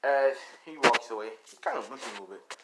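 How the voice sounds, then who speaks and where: In a noisy home recording, a young man narrates an improvised fan story off the cuff, rambling, swearing, and leaning heavily on fillers. His voice is medium in pitch and fairly quick.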